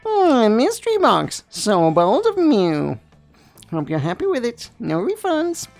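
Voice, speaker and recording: A woman's voice: on the high side, huge pitch swings, a little slow, vocal fry, darkish tone, dry recording, faint music behind, full character voice. A woman voicing a male magical cat, a mysterious wizard bartender who talks in a teasing, theatrical way.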